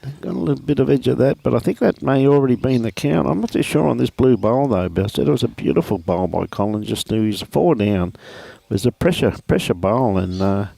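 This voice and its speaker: A man's voice: mid-range voice, animated, a little fast, vocal fry, hardly any pauses, dark tone, breathy edge, no room sound. A middle-aged man with an Australian accent commentating lawn bowls live, laid-back and jokey, calling people mate. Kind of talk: live sports commentary with banter.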